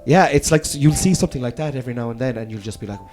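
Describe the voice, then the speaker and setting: A man's voice: mid-range voice, expressive, rapid-fire, music in the background. A man with an Irish Cork accent hosting a casual comedy podcast chat, rambling with hesitant fillers and casual swearing.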